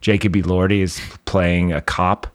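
A man's voice: sits low, level tone, moderate pace, no room sound, studio quality. A man co-hosting a podcast in loose, joking casual chat. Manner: joking, loose, lots of fillers. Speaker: podcast co-host.

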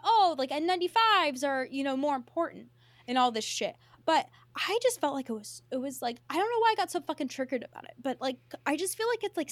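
A woman co-hosting a podcast, talking in a casual, animated way with lots of filler words. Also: high-pitched, dry recording. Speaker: podcast co-host. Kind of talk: casual chat.

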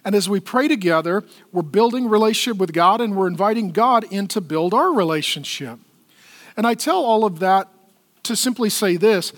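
A middle-aged man, a pastor, preaching a sermon in a conversational, animated way and joking with the congregation. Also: high-pitched, normal speed. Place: church auditorium. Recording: long reverb of a large hall.

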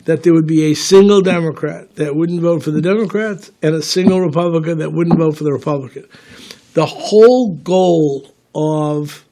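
A man's voice: on the high side, a little mellow. An older man in casual political talk, rambling and repeating words while telling anecdotes. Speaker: political commentator.

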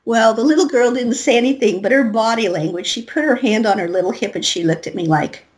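A middle-aged woman recounts a personal story as a guest, slipping into the voices of everyone in it. Her voice sits a little high. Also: brisk, poor audio. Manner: animated storyteller acting out quotes. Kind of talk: storytelling interview.

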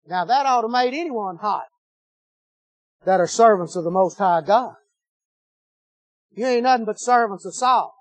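Folksy preacher, high voice. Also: male voice, unhurried, long pauses, no echo. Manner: folksy, animated storytelling, swings from shouting to low tones. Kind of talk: sermon.

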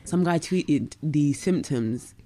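A woman with a low voice speaks slowly as a podcast co-host, telling animated stories in casual chat and laughing often.

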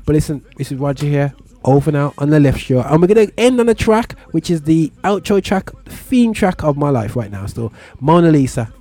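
A man's voice: a little high, sing-song, brisk, hardly any pauses, warm tone, no room sound. A man with a London accent hosting a talk show, chatting casually in slang and often stumbling over his words. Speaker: radio show host. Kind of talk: casual chat.

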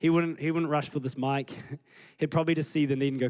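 A man delivers a church sermon. He reads scripture and then retells it, voicing the characters' lines in a fairly high, expressive voice. The tone is of a preacher speaking to a congregation. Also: a little fast. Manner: animated storytelling, acting out scripture scenes. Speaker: pastor.

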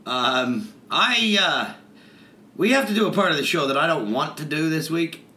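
A man's voice: on the high side, expressive, normal speed, pushed and bright. A man co-hosting a casual podcast, teasing his partner and reading out a listener review. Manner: laughing, teasing, profane. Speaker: podcast co-host.

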